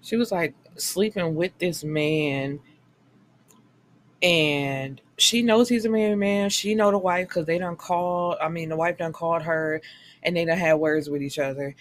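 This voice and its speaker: Reviewing a book in a chatty, candid way, this woman swears without restraint and recounts the story with snappy performed lines. She speaks on the low side, and there's a faint hiss or hum.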